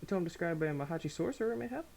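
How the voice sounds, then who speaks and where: A man's voice: a little high, expressive, rapid-fire, vocal fry, darkish tone, pitched above the performer's own voice. A man voicing a learned male scholar with archaic, formal phrasing.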